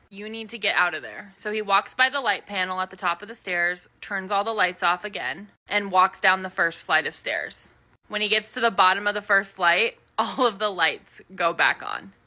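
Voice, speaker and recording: A young woman recounting a ghost encounter in a steady, matter-of-fact way. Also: mid-range voice. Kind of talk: casual storytelling.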